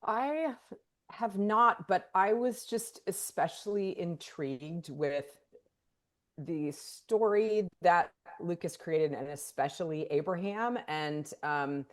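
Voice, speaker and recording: A woman's voice: fairly low pitch, slow. A woman director from the San Francisco Bay Area, chatting thoughtfully with plenty of fillers in a video call interview. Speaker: film director. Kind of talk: casual interview chat. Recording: remote video call audio.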